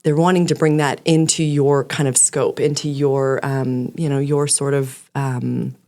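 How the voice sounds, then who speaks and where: A woman with a low, deep-set voice talks as a clinical social worker on a podcast. She explains things earnestly and at length, sometimes rambling as she goes. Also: flat delivery, measured pace, dark tone. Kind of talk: casual podcast conversation.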